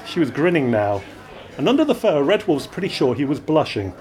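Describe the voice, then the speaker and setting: Wry man narrating with lively pitch. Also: brisk, faint music behind. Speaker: reader. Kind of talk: live reading of his own story.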